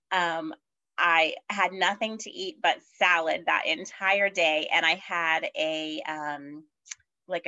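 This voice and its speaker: A woman's voice: sits low, bright, forceful tone. A woman guest on a podcast, telling a personal story in a casual chatty way, with lots of fillers and acted-out quotes. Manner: chatty, many fillers, acts out quoted voices. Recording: dull lo-fi audio.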